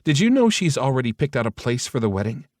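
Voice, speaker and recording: A man's voice: mid-range voice, very animated, quick pace, darkish tone, dry recording, studio quality, pitched above the performer's own voice, close to an everyday voice. A man voicing a sardonic adult sister who jokes and scoffs. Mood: teasing. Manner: joking, scoffing.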